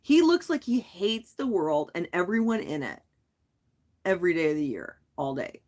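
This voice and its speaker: A woman vlogger talking casually on a live stream, telling a story in a rambling, animated way with frequent restarts. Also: fairly low pitch, normal speed. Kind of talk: casual chat.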